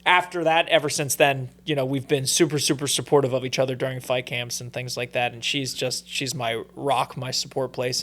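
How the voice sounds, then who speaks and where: A man, a pro fighter as a guest, telling stories in a relaxed podcast interview with plenty of fillers and restarts. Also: medium pitch.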